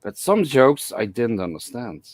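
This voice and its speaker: A man's voice: medium pitch, sing-song, no echo. A man hosting a casual live-stream chat, talking bluntly with many fillers and restarts. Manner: halting, with frequent fillers and restarts; blunt and outspoken. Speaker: livestream host.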